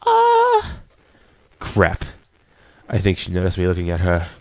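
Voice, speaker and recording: A man reading a visual novel aloud as a let's player, adding quick asides between the narration. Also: low-pitched, monotone, dry recording.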